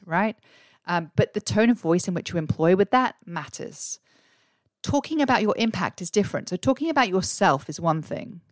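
A woman's voice: low voice, no echo. A woman hosting a podcast and coaching her listeners, earnest and full of rhetorical questions. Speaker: podcast host and career coach. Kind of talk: solo podcast advice talk.

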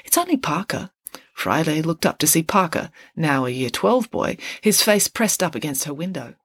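A woman author reading a chapter of her own story aloud, expressive and playful. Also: low-pitched, normal speed, slightly rough, no room sound.

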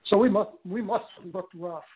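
A man's voice: high-pitched, moderate pace, crowd noise. A man telling a long personal story in a casual, rambling way, full of fillers and restarts. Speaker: guest telling his story. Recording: tinny phone line.

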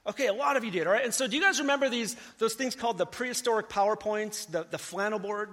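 A man's voice: high-pitched, quick pace, few pauses, fairly bright tone, long reverb tail. A man preaching a sermon in a conversational, storytelling way, talking directly to his congregation. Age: adult. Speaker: pastor.

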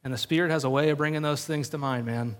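A man delivers a sermon in a loose, conversational storytelling manner. His voice sits a bit high for a man. He peppers his talk with fillers and briefly acts out what people say. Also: fairly even intonation, fast, slight background noise. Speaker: pastor.

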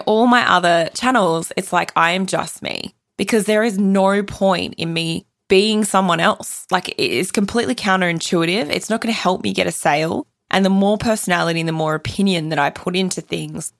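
A woman talks straight into the mic on her solo podcast, her voice low with a gravelly edge. She's blunt, opinionated and swears casually. The sound is close and dry, with no room around it. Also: no room sound. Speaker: podcast host.

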